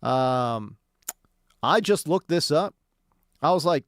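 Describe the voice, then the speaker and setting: A man hosts a sports talk radio show in a studio, and his pitch jumps and dips with energy as he talks. His delivery is slangy and sarcastic. The sound is dry and close. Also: very animated, slow pace, pauses often, no echo.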